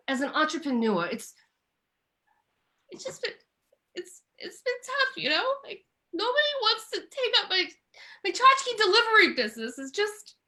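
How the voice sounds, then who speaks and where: A woman's voice: very high-pitched, pushed and bright, full character voice. A woman playing a struggling tchotchke seller in a comedy bit, rambling and tearful.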